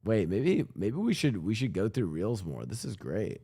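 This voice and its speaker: A young man rambles through a casual reaction stream, swearing freely and restarting his sentences. His pitch swings widely as he talks. He is close on a streaming mic in a home room. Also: very animated, normal speed, warm tone, husky. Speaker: streamer and podcast host.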